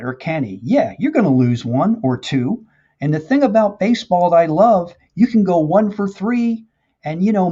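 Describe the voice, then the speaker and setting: A man's voice: high voice, mellow. A man hosting a live stream, telling a joke story in a folksy, rambling way with lots of fillers, then chatting with viewers. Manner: folksy, rambling, many "you know" fillers. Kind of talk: casual storytelling and motivational chat. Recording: dull lo-fi stream audio.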